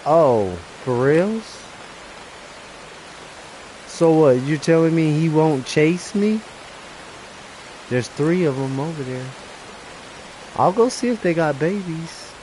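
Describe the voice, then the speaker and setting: A man streaming a live game, chatting casually and breaking into nervous, excited exclamations as he plays. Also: a little high, slow, long pauses, slight background noise, low-quality recording. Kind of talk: live gameplay commentary.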